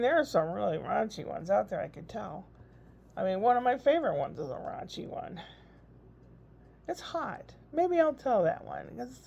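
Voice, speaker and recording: A woman's voice: medium pitch, vocal fry, a little mellow. An older woman, a grandmother, chatting in a rambling, casual video diary. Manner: chatty, rambling, frequent laughs. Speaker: vlogger. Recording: dull lo-fi recording.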